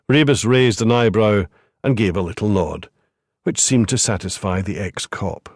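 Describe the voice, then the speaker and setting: A male audiobook narrator reads a script in a low, darkish voice. The recording is clean studio sound with no echo.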